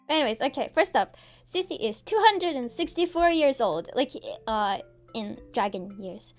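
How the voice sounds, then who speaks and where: A young woman streaming as a VTuber, showing off her avatar in a bubbly, giggly, exclamatory way with playful chatter. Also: high-pitched. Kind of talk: excitable stream chat showing off a model.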